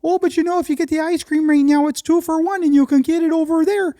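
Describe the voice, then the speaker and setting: A man voicing a woman cashier with an odd twangy accent, speaking in a high, drawling sing-song. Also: fairly even intonation, fast, mellow, dry recording, clean studio sound. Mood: chatty.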